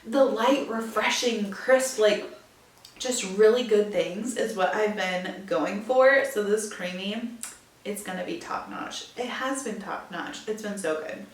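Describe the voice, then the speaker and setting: Unhurried and mid-range, a young female host talks through her solo podcast in a relaxed, filler-laden way. The mic is distant and somewhat off to the side, and the room around her echoes.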